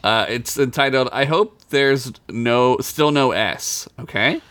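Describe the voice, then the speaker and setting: A man's voice: medium pitch, slow pace, fairly bright tone. A man co-hosting a casual podcast, reading listener emails aloud, laughing often and swearing freely. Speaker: podcast co-host. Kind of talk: casual chat.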